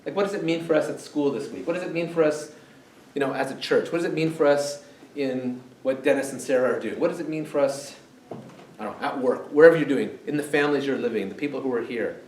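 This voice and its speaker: Speaking quickly in a mid-range, slightly mellow voice, this pastor delivers a chatty sermon full of questions for his congregation. It's captured in a church sanctuary from a distant mic, so the hall echoes and there's a bit of background noise.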